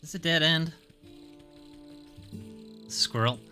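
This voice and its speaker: Over soft background music, a man with a fairly high, bright voice takes his time and speaks with a forceful tone. He's streaming a game casually, reading item descriptions aloud and muttering asides between them.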